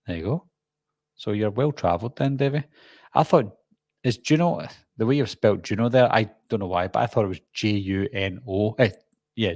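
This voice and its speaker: A man's voice: lowish voice, moderate pace, a little mellow, no echo, studio quality. A middle-aged man with a Glaswegian Scottish accent, hosting a casual live-stream Q&A and chatting about viewer comments as he reads them. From Scotland. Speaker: host.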